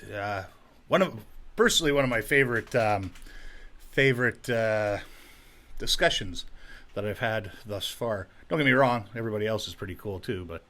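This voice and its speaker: A man's voice: mid-range voice, a bit bright. A man hosting a casual podcast intro, rambling with many fillers and restarts. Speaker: podcast host.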